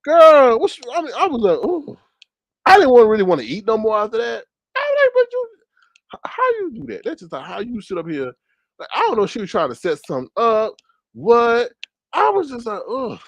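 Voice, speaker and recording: A man's voice: sits high, big pitch swings, fairly quick, no echo. A man telling a story in casual commentary, gossipy, with dramatic exclamations. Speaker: commentary vlogger.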